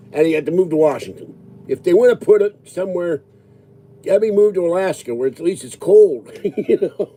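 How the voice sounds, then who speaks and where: Man, sixties, agitated rambling rant, warm dark tone. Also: high voice. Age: 60s. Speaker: livestreamer answering viewers. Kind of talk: casual ranting chat.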